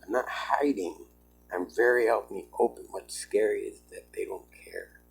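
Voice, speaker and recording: This vlogger's fairly low voice carries vocal fry and a slight roughness as he speaks at a normal speed. He addresses his own camera in an agitated, forceful monologue, frequently using the word "man," and the audio is poor.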